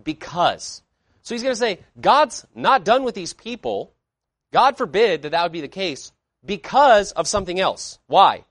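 A pastor preaches emphatically to his congregation, asking rhetorical questions and shifting between loud proclamations and soft asides. His voice is fairly high and very animated, at a moderate pace, with no echo.

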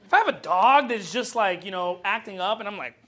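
A male pastor with a very high voice preaches with animated, joking energy. He acts out Bible scenes as he goes. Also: brisk. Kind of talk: sermon.

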